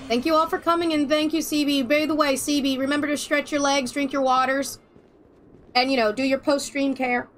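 A woman's voice: high-pitched, flat delivery, brisk, slight background noise. A woman streaming a video game live, chatting casually with her viewers in a playful, theatrical way. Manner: playful, theatrical spooky greetings.

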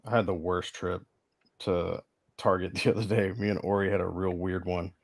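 A man's voice: sits low, level tone, normal speed, dry recording. A man hosting a casual livestream from his hobby room, telling rambling, laugh-filled stories. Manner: laughs often, rambling anecdotes. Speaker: livestream host. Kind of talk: casual chat.

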